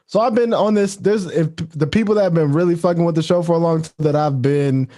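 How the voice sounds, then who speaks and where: A laid-back male host with a slightly high voice. He mostly drops short reactions and talks in an easy, unhurried way in a casual chat. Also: dark tone. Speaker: podcast host.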